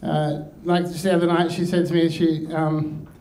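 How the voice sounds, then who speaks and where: A man doing a hesitant, deadpan stand-up routine full of ums and pauses. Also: fairly high pitch, rough recording. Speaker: stand-up comedian.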